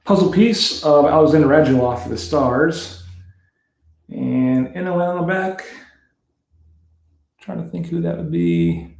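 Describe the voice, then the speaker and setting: A man's voice: on the high side, big pitch swings, a little slow, gravelly, pauses often, darkish tone, reverberant. A Canadian man hosting a card break, casually calling out player names and laughing at the hard-to-pronounce ones. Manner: reads off player names, chuckles at tricky pronunciations. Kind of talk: casual card-opening commentary.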